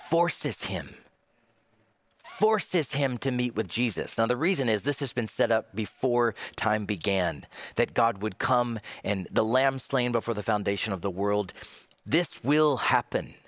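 A man's voice: medium pitch, fairly bright tone, no room sound. A male pastor preaching a sermon, dramatic, acting out the voices he quotes.

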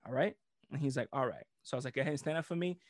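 A man in his thirties, a former police officer, telling a story in casual chat, animated and profane and laughing often. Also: mid-range voice, racing, dry recording, clean studio sound.

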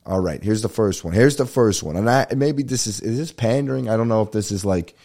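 Deep, mellow-voiced laid-back podcast host. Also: male voice, fairly quick. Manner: rambling, swearing, laid-back. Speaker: podcast host and stand-up comedian. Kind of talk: casual solo podcast chat.

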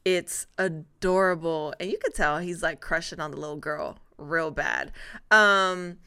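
A woman's voice: sits low, fairly even intonation, a little slow, sharp tone, clean tone. A woman hosting a casual talk show, chatting through the news with small laughs. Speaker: show host. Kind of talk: casual radio-show chat.

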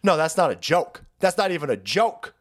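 Animated, mocking male streamer. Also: a little high, moderate pace. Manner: crude, mocking, often laughing and yelling outbursts. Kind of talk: profane ranting commentary.

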